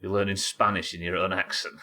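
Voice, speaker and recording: Streamer, male, Yorkshire accent; lowish, forceful voice, rambling and sweary as he plays. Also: little pitch movement, brisk. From England. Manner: rambling, sweary, thinking aloud. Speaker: game streamer. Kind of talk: casual live-stream chat while gaming.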